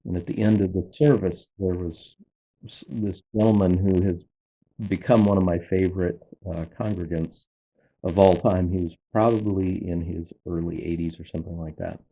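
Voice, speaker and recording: A pastor telling a church story in conversation, in a measured way, stopping to explain details along the way. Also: male voice, sits low, steady tone, warm tone, poor audio. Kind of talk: casual storytelling.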